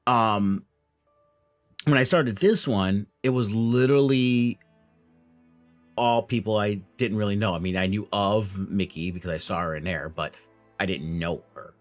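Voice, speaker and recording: A man's voice: fairly low pitch, a little slow, faint music behind. A man chatting casually as game master after a tabletop campaign, rambling with lots of fillers. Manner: rambling, filler-heavy, animated.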